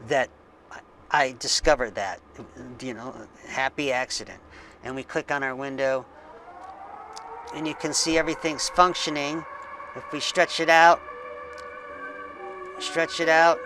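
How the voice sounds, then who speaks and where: A man hosting a coding tutorial, thinking aloud slowly with frequent ums as he works on screen. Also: a little high, pushed and bright, a little hiss or hum. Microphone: desk mic with face cam.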